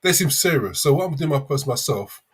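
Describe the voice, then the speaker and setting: Rapid, husky London man in his fifties. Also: a little high, lively intonation. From England. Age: 50s. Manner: rambling, halting, with many fillers and restarts. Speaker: caller. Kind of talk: casual chat.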